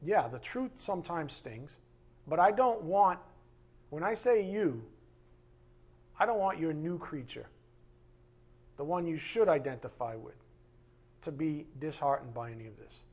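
A man's voice: a little high, lively intonation, unhurried, pauses often, slightly rough. A man pastor preaching a sermon with emphatic, impassioned delivery, acting out quoted voices along the way.

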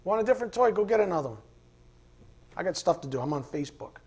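A man preacher mimicking a distracted mother who brushes off her child while she scrolls her phone, in a hurried, dismissive way. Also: sits high, sing-song, darkish tone, slightly rough, full character voice.

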